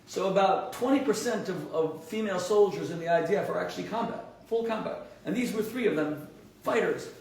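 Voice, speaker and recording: A man with a fairly high voice hosts his own show as a rabbi, telling stories with fervent emphasis. He trips and restarts often, and his pitch jumps when he drives a point home. He sits back from the microphone in a strongly reverberant room, with faint noise underneath. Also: a little fast, gravelly, recorded from a distance. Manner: animated, emphatic, rises sharply in pitch when stressing points, frequent restarts. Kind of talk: impassioned storytelling monologue.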